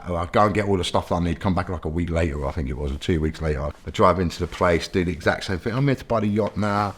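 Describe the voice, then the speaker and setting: A man's voice: low voice, fast talker, fairly bright tone, husky. A British man casually telling his own story in an interview, chatty, full of fillers, and often checking in with the listener. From Britain.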